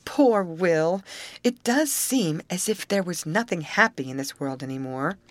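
A woman's voice: on the low side, animated, measured pace, no room sound, pitched above the performer's own voice. A woman voicing an anxious, tender-hearted teenage girl who speaks eagerly and sorrowfully. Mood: sad.

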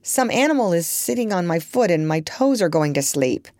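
A woman's voice: lowish voice, sing-song, moderate pace, darkish tone, no echo. A polite, wondering young boy, as a woman reader puts him on, asking his questions earnestly. The sound is dry and close. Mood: plaintive.

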